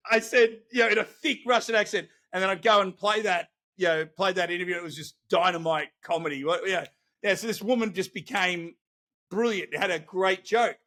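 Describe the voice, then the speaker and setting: An Australian man tells stories with lots of energy and frequent laughs in a relaxed podcast conversation. His voice sits high and sounds bright. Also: a little fast. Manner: animated storytelling, laughs often. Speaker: guest, celebrity interviewer. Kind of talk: casual podcast chat.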